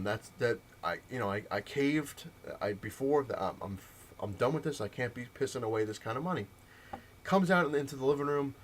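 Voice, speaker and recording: A man's voice: mid-range voice, a little fast, a little hiss or hum. Heated ranting male vlogger. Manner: heated, animated storytelling with mimicked dialogue. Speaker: comic collector vlogger. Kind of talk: casual ranting vlog.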